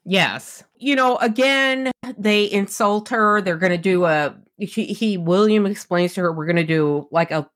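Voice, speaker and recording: A woman's voice: mid-range voice, measured pace, hardly any pauses. A woman co-hosting a casual book podcast, animatedly retelling scenes and acting out the characters' lines, blunt and profane. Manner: animated retelling, acts out quotes, candid and profane.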